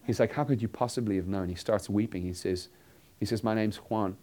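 A man preaching a sermon, earnestly telling a story and acting out the dialogue, sometimes dropping to a hushed tone. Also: lowish voice, a little fast.

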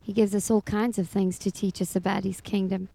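A woman's voice: medium pitch, level tone, a little fast, vocal fry, mellow, no echo, low-quality recording. A middle-aged woman giving a personal faith testimony as a foster mother, telling her story expressively and laughing often.

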